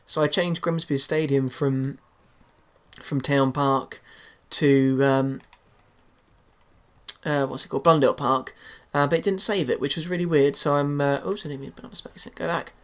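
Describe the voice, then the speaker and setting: A man's voice: on the high side, steady tone, moderate pace, fairly bright tone. Rambling guy narrating a football game. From England. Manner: rambling, hesitant, many fillers and restarts. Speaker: gaming YouTuber. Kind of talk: casual game commentary.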